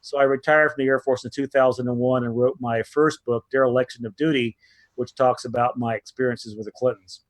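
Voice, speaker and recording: A man in his sixties answering as an interview guest, friendly and easygoing, telling his story in a steady way. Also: mid-range voice, brisk, no room sound.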